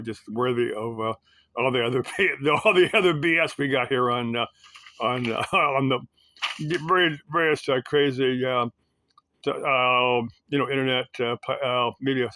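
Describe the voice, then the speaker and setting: Halting, rambling man musing aloud. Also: medium pitch, bright, forceful tone. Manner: halting, full of uhs and restarts, musing aloud. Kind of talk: rambling solo commentary.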